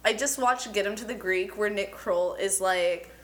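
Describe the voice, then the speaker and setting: A woman's voice: medium pitch, moderate pace. A young woman chatting casually as a podcast co-host, blunt and opinionated, swearing freely. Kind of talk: casual chat.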